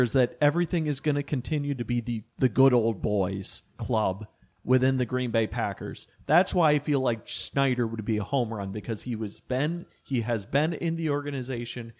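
A man on a casual sports podcast, keeping his delivery measured and even. He still lets dry, sarcastic asides slip in. His voice sits at a middle pitch. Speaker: podcast co-host.

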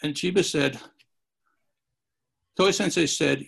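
A man's voice: a little high, animated, moderate pace, vocal fry, husky. A man telling rambling martial arts anecdotes in a casual chat, acting out the quotes. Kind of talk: casual storytelling.

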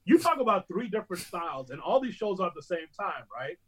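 A man who hosts sports radio, telling stories in a casual chat with another host, animated and quick to mimic other broadcasters. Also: sits high, husky, poor audio.

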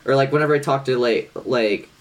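A man with a Midwestern American accent, co-hosting a casual podcast chat, animated and swearing freely. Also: medium pitch, a little fast. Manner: animated, swearing, shifts voice up when quoting people. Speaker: podcast co-host.

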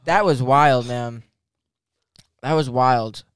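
A man's voice: medium pitch, slow pace, smooth, no echo, clean studio sound. A man in his twenties hosting a casual podcast chat, telling stories with lots of laughter and casual swearing. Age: 20s. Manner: animated storyteller, laughs often, swears casually. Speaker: podcast host.

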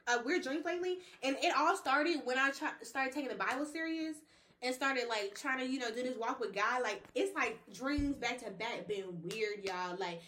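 Bright, high-pitched, lively woman. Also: reverberant, a little hiss or hum. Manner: animated, laughs often, swears freely. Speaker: podcast co-host. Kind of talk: casual chat.

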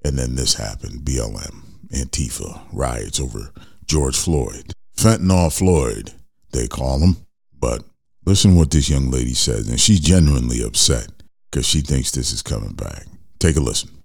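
A man's voice: rumbling low, expressive, moderate pace, gravelly, darkish tone, husky. A man hosting an opinion talk show, speaking bluntly and ranting straight to his listeners. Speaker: podcast host.

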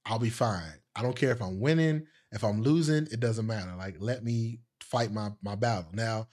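A man's voice: moderate pace, darkish tone. A young man hosting a podcast, telling a story in a rambling way full of fillers. He laughs at himself and raises his voice to act out the people he quotes. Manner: acts out quoted voices higher. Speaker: podcast host. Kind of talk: casual storytelling.

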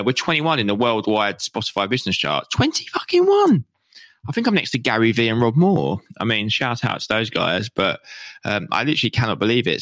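A young British man hosting a solo podcast, rambling excitedly and swearing a lot, with a slightly whiny voice and a slight lisp. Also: on the low side, no echo. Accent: British English. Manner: excited and sweary, calls his own voice a bit whiny. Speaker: podcast host.

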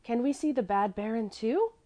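High, lively little girl, curious and bold, asking questions, read by a woman narrator. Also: moderate pace, lightly acted. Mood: eager. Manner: bold, inquisitive, childlike.

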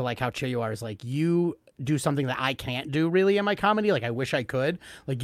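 A man's voice: mid-range voice, no room sound. A middle-aged man from the Philadelphia area co-hosting a comedy podcast, telling stories animatedly and swearing freely. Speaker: podcast co-host. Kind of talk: casual podcast chat.

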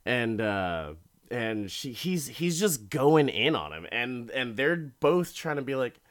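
A man's voice: medium pitch, very animated, takes it slowly, a bit bright. A man casually recapping a story, profane and rambling, often repeating words.

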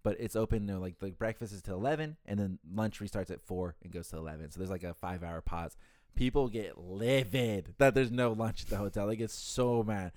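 A man with a lowish voice, talking a little fast in a dry, clean studio recording, chats casually about working a hotel front desk. He is an animated storyteller who acts out the callers he deals with in quoted voices and swears freely along the way.

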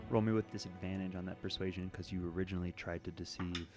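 A man's voice: deep voice, fairly even intonation, quick pace, music in the background. A man narrating as game master of a tabletop game, easygoing and laid-back.

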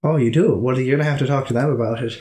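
A man's voice: medium pitch, fairly even intonation, very fast, darkish tone, echoey room, natural voice. A man voicing a friendly, boisterous pub man, talking in a hearty, hospitable way. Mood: chatty.

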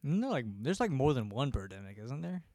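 A man's voice: mid-range voice, very animated, a little fast, mellow, dry recording. A man co-hosting a podcast, joking and laughing through casual banter. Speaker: podcast co-host. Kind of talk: casual chat.

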